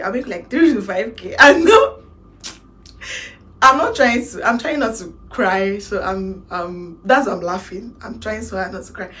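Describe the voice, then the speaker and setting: A young Nigerian woman talks straight to camera about her years of work, mid-pitched and animated, dropping in Pidgin phrases. Her recording carries a faint steady hiss of background noise. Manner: animated, mixes in Pidgin, laughs to hold back tears. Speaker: makeup artist vlogger. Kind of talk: casual storytelling vlog.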